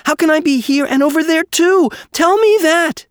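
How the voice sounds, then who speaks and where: A man's voice: extremely high pitch, moderate pace, no echo, studio quality, voice pushed up. A man voicing an angry little male tree toad who shrieks and scolds in a storybook reading. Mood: indignant.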